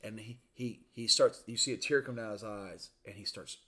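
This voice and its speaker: A man in a casual chat, excitedly retelling movie scenes and acting out the lines. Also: lowish voice, normal speed, breathy edge. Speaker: movie reviewer.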